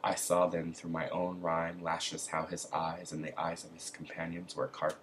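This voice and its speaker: Deep, flat-voiced man reading aloud. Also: moderate pace, a little hiss or hum, poor audio. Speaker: reader. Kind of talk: reading a literary text aloud.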